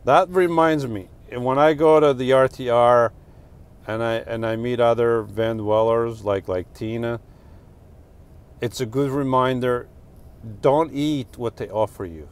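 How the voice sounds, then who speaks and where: With an unhurried, smooth, mid-range voice, this middle-aged man from Portugal, carrying a New Jersey and New York accent, reads comments on a casual live stream. He rambles, cracks jokes, and corrects himself along the way.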